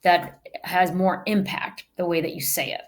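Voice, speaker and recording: A woman's voice: lowish voice, little pitch movement, normal speed. A woman teacher giving a recorded virtual lecture on public speaking, emphatic and shifting her delivery to show how things should be said. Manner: emphatic, varies delivery to demonstrate. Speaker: speech teacher.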